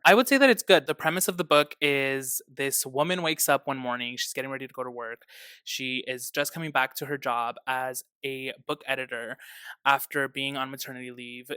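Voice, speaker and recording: A man's voice: mid-range voice, smooth, dry recording. A young adult man reviewing books in casual, chatty vlog talk, acting out quotes as he goes. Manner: chatty, animated, acts out quotes. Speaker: book vlogger. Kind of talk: casual book review chat.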